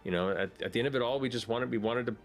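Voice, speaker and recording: A man's voice: medium pitch, racing, soft background music. A man, a voice actor, reflecting earnestly in an interview.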